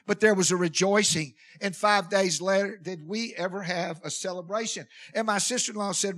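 High-voiced older man preaching. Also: moderate pace, a bit bright. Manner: emotional, folksy storytelling with repeated restarts. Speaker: pastor. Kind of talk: sermon storytelling.

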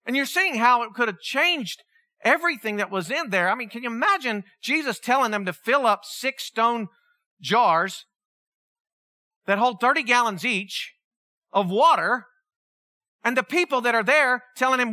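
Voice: mid-range voice, animated, moderate pace, sharp tone, dry recording, clean studio sound. A preacher, giving a sermon, telling the story vividly and asking the listeners questions. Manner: storytelling, acts out the people in the story; asks the listeners many questions.

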